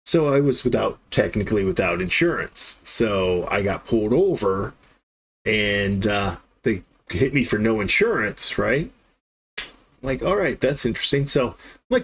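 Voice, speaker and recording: A man in his thirties chats away on a live stream in a plain, mid-pitched voice. He rambles through a long story, acting out the dialogue with lively jumps in his tone. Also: normal speed, husky. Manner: rambling, animated storyteller who acts out the dialogue.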